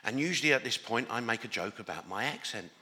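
An earnest man with an English accent preaches a sermon, his bright, forward voice ringing out. He restarts phrases often and builds to emphatic declarations. The sound carries a long hall reverb, as in a church. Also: mid-range voice, animated, quick pace. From Northern Ireland. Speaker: pastor.

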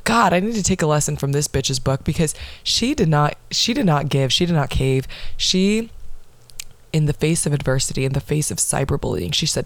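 A woman's voice: sits low, animated, fairly quick, no echo. A young woman hosting a casual podcast, reading old posts aloud in a sassy, profane manner and laughing at her past self. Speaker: podcast host.

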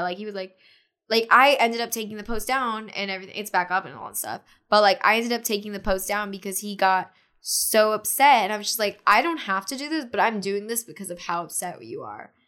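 A woman's voice: mid-range voice, brisk. A young woman as a podcast guest, telling a story in casual chat, full of "like" fillers and acting out what people said. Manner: animated retelling with many "like" fillers, acting out quotes.

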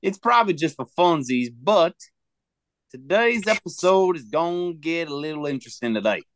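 A man's voice: on the high side, expressive, normal speed, a bit bright, a little hiss or hum. A man hosting a casual podcast, talking in a playful, jokey way. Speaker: podcast host.

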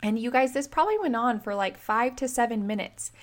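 A woman in her thirties hosting a relationship podcast, telling stories in a chatty, animated way and filling her talk with "like". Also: a little high, fairly quick. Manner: chatty, animated storytelling with frequent "like". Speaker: podcast host and relationship coach. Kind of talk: casual solo podcast monologue.

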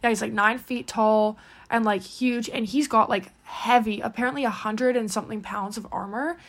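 A woman's voice: fairly high pitch, fairly even intonation, normal speed. A woman giving a casual, earnest devotional talk as host, full of "like" and "um" fillers. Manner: earnest, encouraging.

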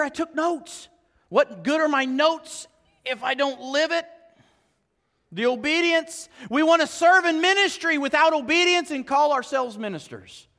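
A male pastor preaching a sermon in a conversational way, full of rhetorical questions, swinging from loud emphasis to quiet, low asides. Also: big-room sound. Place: church sanctuary.

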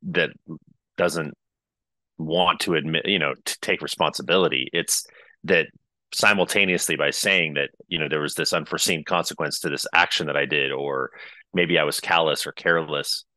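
A man co-hosting a podcast, talking reflectively in casual conversation, with frequent halting restarts. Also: very deep voice, steady tone, pushed and bright, no room sound. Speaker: podcast co-host.

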